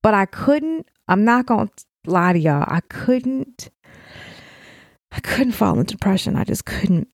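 A middle-aged woman hosting a podcast, talking with deep feeling and speaking straight to other mothers in casual, heartfelt chat. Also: animated, unhurried, no room sound, clean studio sound. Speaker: podcast host. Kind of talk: heartfelt casual talk to listeners.

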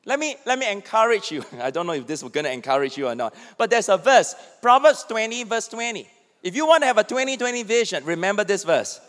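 A man's voice: high voice, fast, long reverb tail. A man pastor preaching a sermon, acting out quoted lines as he speaks. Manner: animated, acts out quoted speech.

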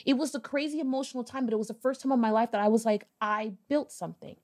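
A woman with a fairly high voice talks as a podcast guest. She tells her story in an animated, conversational way, slipping into other people's voices for quoted lines and cursing casually. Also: quick pace. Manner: animated, acts out quoted dialogue, swears casually. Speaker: podcast guest, business owner.

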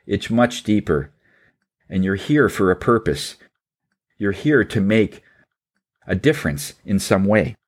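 A man telling a long anecdote in a casual, halting way, voicing the people in it, then drawing a spiritual lesson. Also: lowish voice, expressive. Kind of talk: storytelling talk with a spiritual message.

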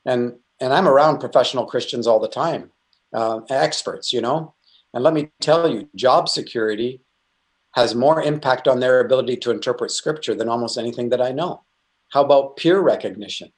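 A man's voice: mid-range voice, moderate pace. Earnest rambling middle-aged man. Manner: earnest, rambling with frequent restarts and asides. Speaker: Christian speaker. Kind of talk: conversational spiritual teaching.

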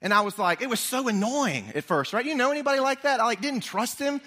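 A man preaching a sermon, an animated storyteller who speaks straight to his congregation. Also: very high voice, quick pace. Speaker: pastor.

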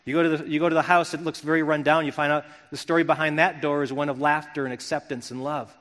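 A middle-aged pastor from Wisconsin delivers a sermon in an earnest, reflective way, often circling back to restart a phrase. His voice sits a little high for a man. A long reverb hangs around him, as if he is in a large hall. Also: little pitch movement, quick pace, fairly bright tone.

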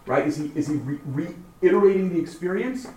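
A man leading a text study class, lively and questioning, thinking aloud as he explains. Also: high voice, a little fast. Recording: roomy, far from the mic, faint noise.

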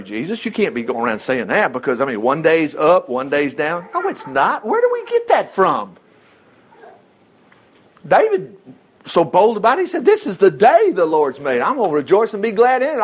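A man's voice: high-pitched, a bit bright. A man preaching a sermon in a folksy, exclamatory way.

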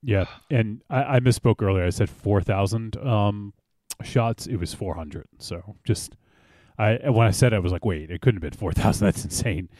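A young man co-hosts a podcast, chatting easily and laughing often. His voice is low and mellow. The sound is close and dry. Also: normal speed, no room sound. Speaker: podcast co-host. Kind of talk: casual chat.

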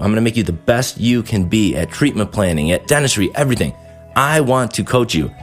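Animated low-voiced man giving casual advice. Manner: animated, conversational, acts out quick quoted asides. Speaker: dental practice owner and podcast host.

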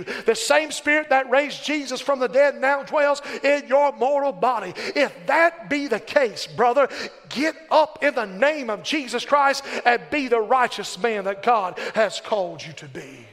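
High-voiced impassioned male preacher, reverberant hall. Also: expressive, moderate pace, a bit bright. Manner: impassioned, rhythmic call-and-response preaching. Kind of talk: sermon.

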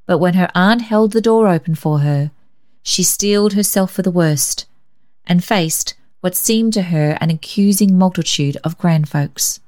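A woman narrating a children's story in a measured, gentle reading. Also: fairly low pitch. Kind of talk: scripted narration.

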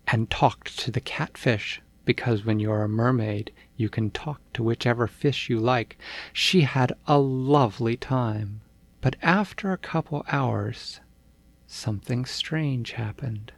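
A man reads a bedtime story with a slow, gentle pace. His voice is gravelly with fry at the ends of phrases. The sound is dry and close. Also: mid-range voice, no room sound.

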